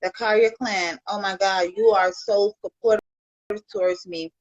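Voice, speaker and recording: A woman's voice: medium pitch, fairly even intonation, moderate pace, no echo, dull audio. A woman from Chicago on a livestream, talking with heartfelt, rambling thanks to her viewers and peppering her talk with "you know". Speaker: livestream host.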